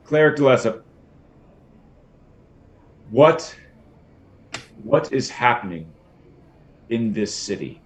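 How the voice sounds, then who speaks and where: A man voicing a stern older woman of authority who speaks in a measured, formal, clipped way. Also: mid-range voice, lively intonation.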